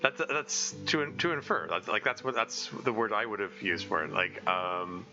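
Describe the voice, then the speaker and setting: A man's voice: on the low side, normal speed, muffled recording, over music. A man streaming live, commenting on a game in a rambling, laugh-filled way with many restarts.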